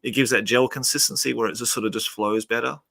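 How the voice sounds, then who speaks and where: A man's voice: medium pitch, steady tone, fast, gravelly, fairly bright tone, dry recording. A man hosting a casual hobby chat, giving easygoing, rambling explanations. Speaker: channel host. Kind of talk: casual hobby chat over video call.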